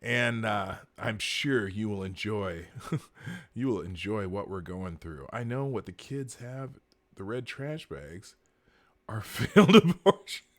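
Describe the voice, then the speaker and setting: A man's voice: on the low side, expressive, slow, fairly bright tone. Laughing, rambling male live-show host. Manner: rambling, sarcastic, laughs often, many fillers. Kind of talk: casual live-stream commentary.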